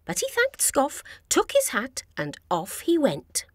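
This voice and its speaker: A woman presenting a preschool show, reading a story and talking straight to young children. Her high voice swings widely in a warm singsong. She speaks slowly and softly, a little breathy. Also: huge pitch swings, no echo, clean studio sound. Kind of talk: slow, expressive preschool storytelling.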